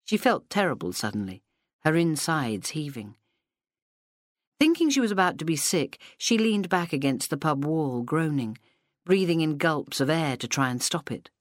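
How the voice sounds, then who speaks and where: A woman reading an audiobook novel aloud in a steady, measured way into a close mic. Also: sits low, dry recording. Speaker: audiobook narrator. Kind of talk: scripted narration. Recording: dry studio sound.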